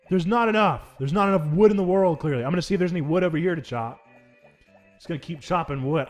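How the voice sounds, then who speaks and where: A young adult man hosting a let's play, talking over the game in playful mock outrage with big swings in pitch. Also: fairly quick, soft background music. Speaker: gaming channel host.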